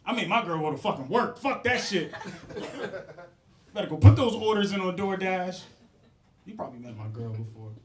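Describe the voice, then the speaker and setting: A man's voice: high-pitched, animated, moderate pace, pauses often, a little hiss or hum. A young man doing a profane stand-up set, riffing with the crowd and laughing at his own jokes. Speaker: stand-up comedian. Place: comedy club stage. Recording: roomy club sound.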